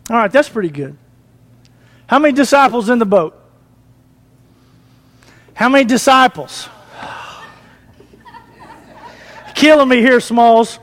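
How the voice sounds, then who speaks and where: A man preaching a sermon, animated, asking the congregation questions as he retells a passage. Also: very high-pitched, measured pace, long pauses. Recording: long reverb of a church hall.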